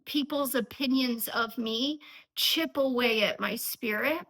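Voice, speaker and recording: Woman vlogger, raised pitch and bright tone; earnest, emotional and rambling, talking straight to camera. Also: a little slow, rough recording. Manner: frequent fillers and restarts. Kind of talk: unscripted personal vlog.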